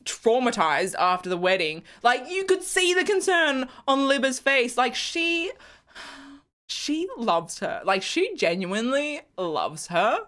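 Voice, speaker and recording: A woman's voice: a little high, very animated, slow, fairly bright tone. A young woman reacting to a TV episode in casual chat, gushing and emotional, often laughing and sighing. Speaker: fan channel host.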